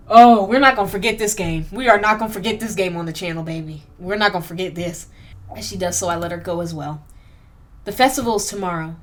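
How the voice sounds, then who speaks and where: A young woman hosts a let's play in a mid-pitched voice, reading a game's lines aloud and cutting in with emotional, slangy asides. Faint game music hums under her talk. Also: a little fast. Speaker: gaming channel host.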